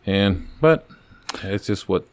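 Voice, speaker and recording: An older man, a retired police officer, chatting as a podcast guest in an earnest, halting way, often restarting his sentences. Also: sits low, expressive, no room sound. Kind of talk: casual storytelling chat.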